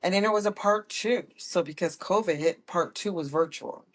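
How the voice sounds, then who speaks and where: A woman's voice: fairly low pitch, normal speed. Woman telling her story with self-corrections. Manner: animated, acts out quoted people with voice changes; laughs often, corrects herself mid-sentence. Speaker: guest, autism mom. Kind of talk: casual personal storytelling.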